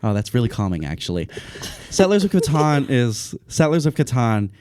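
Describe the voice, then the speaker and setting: A man's voice: mid-range voice, big pitch swings, moderate pace, a little mellow, a little hiss or hum. A young man hosting a podcast, explaining in a loose, rambling, profane way during a casual debate. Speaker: podcast host.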